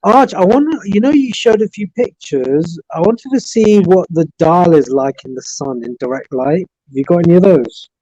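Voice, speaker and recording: A man's voice: high-pitched, lively intonation, moderate pace, few pauses, dark tone, no echo. Male northern English guest, enthusiastic banter, dry and dull remote audio. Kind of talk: casual livestream chat.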